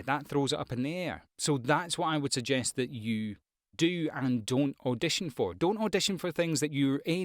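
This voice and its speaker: A man talks frankly and conversationally, giving career tips from his own voice-over work. His pitch sits in a middle range for a man, and the sound is dry and close, with no room echo. He speaks casually, with small asides and fillers. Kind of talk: casual advice talk to camera.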